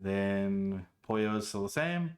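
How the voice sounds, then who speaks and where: Lively playful male streamer. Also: medium pitch, unhurried, vocal fry. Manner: playful, animated, quotes lines in different voices. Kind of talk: casual chat. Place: at home.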